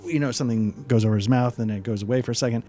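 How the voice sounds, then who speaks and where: Halting male game master narrating. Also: mid-range voice, warm tone, slight background noise. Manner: loose, halting narration with many fillers.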